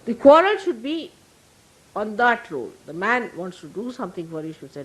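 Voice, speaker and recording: An older woman with an Indian accent, a spiritual teacher giving a gentle, humorous sermon to her followers. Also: mid-range voice, big pitch swings, normal speed, poor audio. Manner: gentle, humorous, laughing as she talks.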